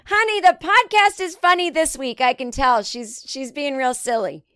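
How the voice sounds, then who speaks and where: A woman doing a gushing female fan, high and excited. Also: normal speed, no room sound. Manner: excited, chatty. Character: gushing female fan talking to her husband.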